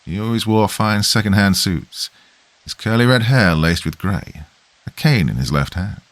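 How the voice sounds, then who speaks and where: A man's voice: lowish voice, lively intonation, normal speed, no echo. A man reading a horror story aloud as a scripted first-person narration.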